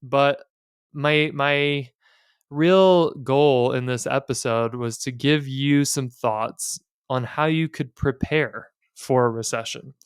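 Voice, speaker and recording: Guy in his 40s doing a chatty podcast monologue, really smooth clear voice, dry close sound. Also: medium pitch, slow pace, no echo. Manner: plain-spoken, conversational, wry. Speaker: podcast host.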